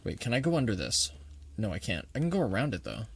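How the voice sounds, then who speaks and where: A man's voice: lowish voice, huge pitch swings, fast talker, creaky, slightly rough. Joking, foul-mouthed man narrating a game. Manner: joking, profane, reads in-game text aloud. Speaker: gaming video creator. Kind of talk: let's play commentary.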